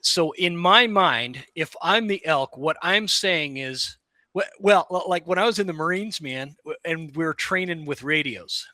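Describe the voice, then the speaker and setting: A man's voice: on the high side, lively intonation, measured pace, sharp tone, no echo. A man hosting a podcast in casual conversation, joking and self-deprecating. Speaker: podcast host.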